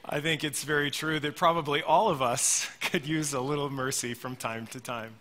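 A middle-aged man preaching a sermon in a church, his voice high and bright as he tells a story earnestly. He calls his listeners friends, and the sound rings with the long reverb of a large hall. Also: steady tone, normal speed. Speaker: pastor.

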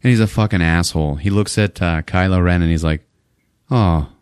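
A man's voice: deep voice, fast talker, a little mellow, clean tone, dry recording, studio quality. A man hosting a podcast, casually recapping a movie with lots of swearing and laughing. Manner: profane, laughing often. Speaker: podcast host.

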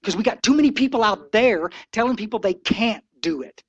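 A man's voice: high voice, lively intonation, brisk, no echo, muffled recording. A man in his sixties giving an impassioned, folksy talk to a recovery meeting, preachy and blunt.

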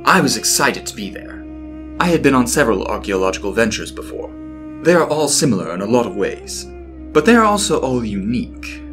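A man voicing a reflective archaeology professor recounting a past dig. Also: fairly low pitch. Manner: reflective, storytelling. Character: middle-aged male archaeology professor.

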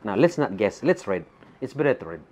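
A man with a Filipino accent preaches a sermon to a church congregation, reading Bible verses and posing rhetorical questions to his listeners. His lowish, darkish voice is brisk and sing-song.

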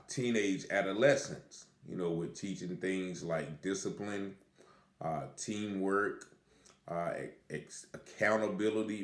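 A man giving unscripted commentary, rambling along with many fillers and restarts. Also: sits low. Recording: echoey room.

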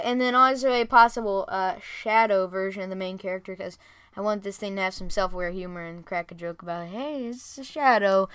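A woman's voice: mid-range voice, a bit bright, clean tone, dry recording. A woman co-hosting a casual podcast from her bedroom, rambling with lots of fillers and restarts. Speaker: co-host and game developer.

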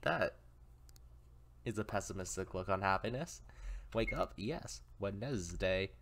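Male let's player, lively pitch, unhurried, reads game lines aloud with stammers. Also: vocal fry, heavy background noise. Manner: slow, musing, occasional stammers. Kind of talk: casual let's play commentary, reading game text aloud.

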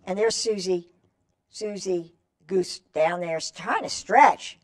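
A woman's voice: medium pitch, animated, measured pace. A woman reading a picture book aloud to children, coaxing them to join in with stretches and animal calls. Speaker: children's storyteller.

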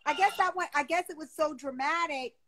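A woman's voice: high voice, fairly quick, fairly bright tone. A woman hosting a casual live stream on a phone, talking in a gushing, effusive way.

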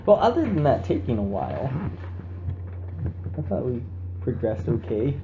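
A man narrating as game master, relaxed and wry, recorded on a muffled phone. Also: medium pitch, normal speed, faint music behind.

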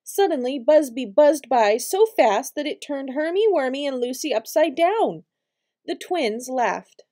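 A woman reading a picture book aloud to preschool children, with expressive storytelling. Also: high voice, unhurried. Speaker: storytime reader.

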